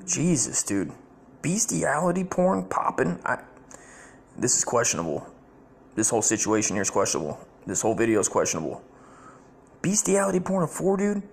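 A man's voice: mid-range voice, sing-song, normal speed, creaky, pauses often, husky. A man giving crude comedic reaction commentary, blunt, rambling and full of profanity.

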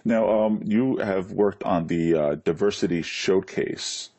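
A man hosts a casual interview with a very deep, mellow voice. His tone is husky and soft-edged, and he hesitates with frequent fillers as he leads the talk. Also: a little slow. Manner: relaxed, hesitant with many fillers. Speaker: interview host.

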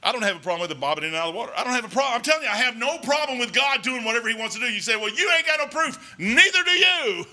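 A man's voice: very high-pitched, very fast, bright, forceful tone. A man preaching a folksy, rambling sermon in a church, talking emphatically and conversationally.

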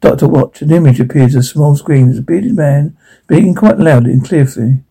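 Husky man reading stage directions. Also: fairly high pitch, a little fast, dark tone. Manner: plain, unpolished reading with stumbles.

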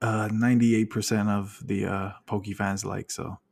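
A man's voice: on the low side, unhurried, vocal fry. A man with a New York accent hosting a podcast, joking and teasing his co-hosts in casual banter. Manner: joking, teasing, animated storytelling. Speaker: podcast host.

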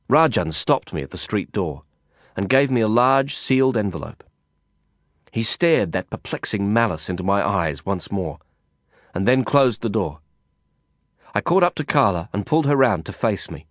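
A man reading a novel aloud in first person, measured and reflective. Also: on the low side, big pitch swings, no echo, studio quality. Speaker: audiobook narrator. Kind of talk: first-person audiobook narration.

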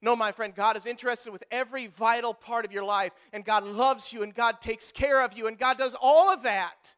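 A male pastor preaching a sermon in a church, swinging from loud emphatic lines to hushed ones and repeating words when worked up. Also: very high-pitched, steady tone, normal speed, clean tone.

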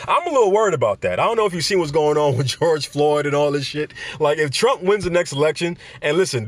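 A young man from Florida talking in casual commentary, an animated storyteller who laughs often and repeats himself. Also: medium pitch, no room sound. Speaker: vlogger.

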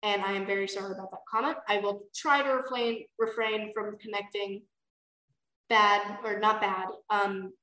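A woman's voice: mid-range voice, fairly even intonation, moderate pace, bright, forceful tone. Rambling woman podcast host, echoey. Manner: apologetic, rambling, many fillers. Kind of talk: casual book-podcast chat.

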